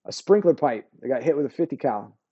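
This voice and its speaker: Talking animatedly and a bit fast, a middle-aged US army veteran recounts his war experiences in a loose, casual interview, peppering his speech with "bro" and "you know what I mean." His medium-pitched voice has a breathy edge, and the audio's highs are cut off.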